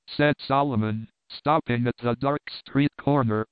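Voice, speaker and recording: Male narrator, classic novel, measured delivery, smooth voice, dry tinny audio. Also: mid-range voice, fairly even intonation, dry recording. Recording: dry tinny phone-like sound.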